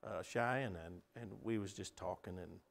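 A middle-aged man preaching a sermon, earnest, building to emphatic appeals and dropping to soft pleas. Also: sits low, moderate pace, vocal fry.

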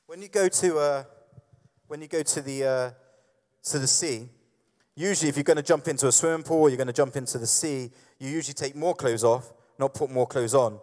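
A man's voice: mid-range voice, a little fast, a little mellow. A man preaching a sermon in a church hall, in a conversational way, with many fillers and restarts, acting out the scenes he describes. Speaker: pastor. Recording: echoey hall reverb.

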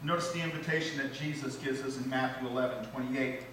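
A male pastor delivers a lively sermon, his voice climbing and getting loud on repeated phrases, then sinking low to drive a point home. His tone is bright and a little sharp. The recording sounds like a large, echoey church, picked up from some distance off. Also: quick pace, slight background noise. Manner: animated preaching, rising loud on repeated phrases, dropping low for emphasis. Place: church sanctuary.

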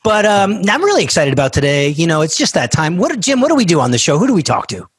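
Animated husky man in his fifties. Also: on the high side, fast talker, dry recording. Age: 50s. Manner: animated, exclamatory, joking. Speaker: podcast host. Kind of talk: casual interview chat. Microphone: video call.

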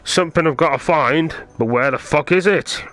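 A man, playing a VR game and muttering frustrated, swear-filled commentary that breaks into yelling. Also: fairly high pitch, normal speed, soft background music. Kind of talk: let's play commentary.

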